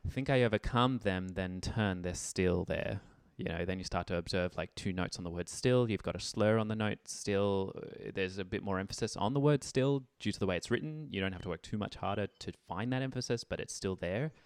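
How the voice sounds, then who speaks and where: A man with a very low, gravelly voice teaches a music theory drop-in class. He talks in a chatty way and speaks lyrics aloud to show the rhythm. The sound is dry and close. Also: fairly quick, few pauses, no room sound. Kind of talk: online group lesson.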